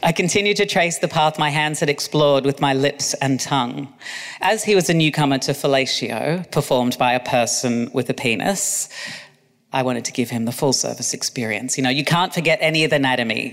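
A man's voice: medium pitch, expressive, a little fast, a bit bright, big-room sound. A man narrating his own memoir as an audiobook, with cheeky asides. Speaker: author reading own memoir.

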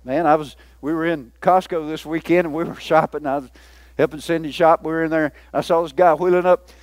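A man preaching a sermon, teasing his listeners as he goes. His voice sits high for a man. The sound is dry and close, with no room echo. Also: steady tone, fairly quick. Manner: folksy, joking with the congregation. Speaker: pastor.

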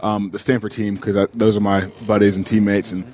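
A young American man talks as a guest on a sports radio show. His voice sits low and he speaks quickly. He answers politely and respectfully, often calling the hosts "sir". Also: flat delivery, a little mellow. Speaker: guest football player. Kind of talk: casual radio interview.

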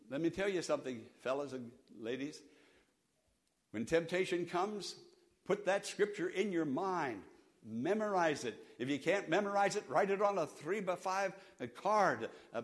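Man preaching a sermon, somewhat high voice. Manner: preaching with repetition and call-and-response, rising loud then dropping soft. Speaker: pastor.

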